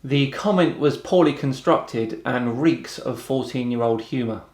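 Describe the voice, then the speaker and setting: A British man hosting a video, reading out rude comments and answering them with dry, deadpan mockery. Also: medium pitch, measured pace, reverberant. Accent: British English. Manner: dry, mocking, deadpan retorts. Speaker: host.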